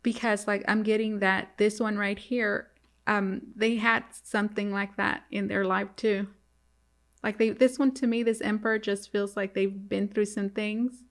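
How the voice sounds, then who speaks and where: A woman giving a casual tarot reading to viewers, halting and repetitive, often turning to address them directly. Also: mid-range voice. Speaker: tarot reader.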